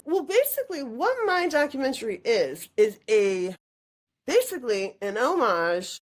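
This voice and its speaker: High-pitched woman host, heated casual chat, swears freely, restarts sentences. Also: big pitch swings. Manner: swears a lot, rambling and heated; quick restarts and stammers. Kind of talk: casual conversation.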